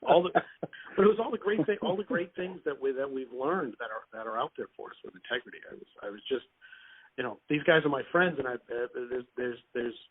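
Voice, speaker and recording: Fast-talking, excited man on a call. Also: mid-range voice, husky. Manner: eager and excitable. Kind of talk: excited conversational chat. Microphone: call line. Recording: tinny phone-like call audio.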